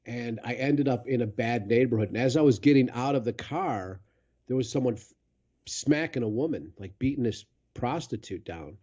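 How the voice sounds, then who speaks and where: A man's voice: medium pitch, animated, moderate pace, warm tone, dull audio. A man from Chicago telling candid, profane stories as a podcast guest, turning reflective as he goes. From Chicago, USA. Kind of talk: casual storytelling.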